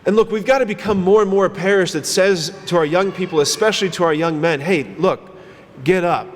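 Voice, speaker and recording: Animated priest preaching in a reverberant church. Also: male voice, sits high, fast talker. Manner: animated storytelling, acting out quoted voices. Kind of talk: sermon.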